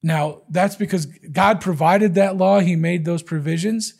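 Conversational male preacher, husky and slightly raised pitch, emphatic. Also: unhurried, darkish tone. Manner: conversational, emphatic Bible teaching. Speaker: pastor. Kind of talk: sermon.

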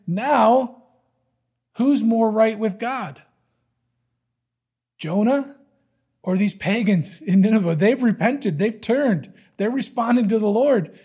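A man's voice: high-pitched, a little mellow, husky. A man preaching a sermon in an earnest, emphatic way, repeating key words for weight.

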